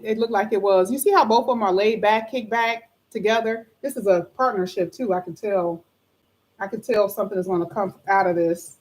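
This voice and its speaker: A woman giving a tarot card reading to her viewers, chatty and animated, her voice a little hoarse. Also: medium pitch, a little fast, rough recording. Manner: animated, excited exclamations, chatty asides to viewers. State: slightly hoarse. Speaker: tarot reader.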